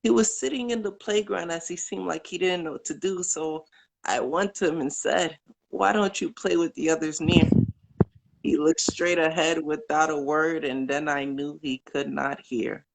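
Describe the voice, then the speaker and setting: A man calling in to recite poems from memory, earnest and unhurried, pausing with fillers between verses. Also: fairly high pitch, fairly even intonation, creaky, a little hiss or hum. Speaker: caller.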